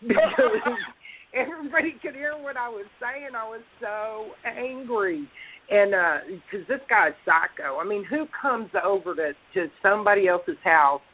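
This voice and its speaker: A woman's voice: mid-range voice, expressive, measured pace, a little hiss or hum. Profane woman on a tinny phone line. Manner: profane, heated and blunt. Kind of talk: casual storytelling on a podcast call.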